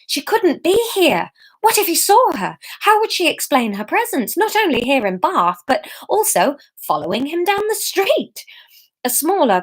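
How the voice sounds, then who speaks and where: A woman's voice: on the high side, fairly bright tone. A woman reading her own serialized story aloud on a live stream, chatting with viewers between passages with self-mocking asides.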